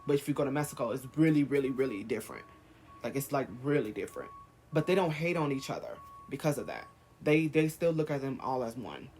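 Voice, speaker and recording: A man's voice: mid-range voice, lively intonation, fast, darkish tone, a little hiss or hum. A man vlogging, firing off heated rhetorical questions in a rant to camera. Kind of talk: ranting to camera.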